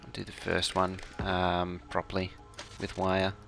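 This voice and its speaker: Man, game streamer, very low pitch, crisp bright tone, relaxed muttering, faint background music. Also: measured pace. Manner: relaxed, muttering to himself while playing; makes playful mouth sound effects. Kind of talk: casual live-stream commentary.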